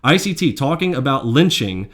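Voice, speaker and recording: A man hosting a trading channel, delivering a heated, indignant commentary rant that swings from loud mockery to low muttering. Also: big pitch swings, normal speed. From Mexican heritage.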